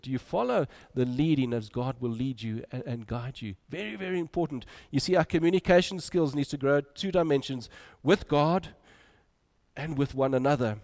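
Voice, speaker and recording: A man preaching a sermon, moving between loud urging and quiet, soft drops. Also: medium pitch.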